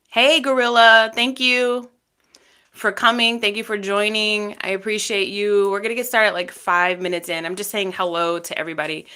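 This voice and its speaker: A woman from Texas hosting a tarot livestream, chatting casually and thanking viewers by name as they join. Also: medium pitch. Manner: chatty, warm thanks to each viewer by name, frequent fillers.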